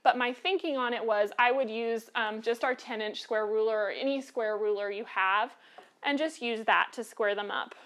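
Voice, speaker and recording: A high-voiced American woman hosts a quilting lesson. She talks in a chatty, encouraging way and drops in frequent filler ums as she explains her steps. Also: moderate pace, fairly bright tone, clean tone. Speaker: quilting show host. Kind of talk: live online quilting lesson.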